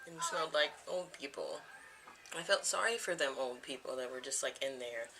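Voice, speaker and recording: A woman's voice: rumbling low, lively intonation, a little fast, noisy background. A woman in her thirties chatting casually to camera at home, rambling from one thing to the next and laughing often. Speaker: vlogger. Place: home, indoors.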